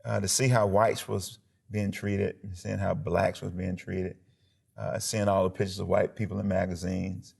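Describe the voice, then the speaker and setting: A man, a pastor telling his life story in an emphatic, animated way during a TV interview. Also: low-pitched, normal speed, gravelly, slightly rough. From Alabama, USA. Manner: emphatic, animated storyteller who acts out quotes and sound effects. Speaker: pastor and former football player.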